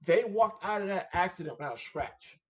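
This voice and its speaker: A machine shop owner appears as a guest in a casual podcast interview, talking fairly quickly in a high voice. He is emphatic and animated, repeating his points as though preaching a sermon. The recording sounds muffled.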